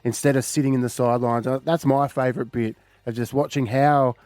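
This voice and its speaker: A man's voice: medium pitch, fairly even intonation, a little fast, a little mellow, no room sound. A man co-hosting breakfast radio, telling stories in a laid-back, teasing way. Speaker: radio host.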